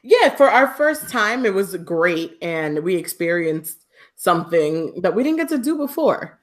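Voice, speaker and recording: A woman co-hosting a podcast live, chatting in an upbeat, excitable way and laughing easily. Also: fairly low pitch. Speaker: podcast co-host. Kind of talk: casual live-stream chat.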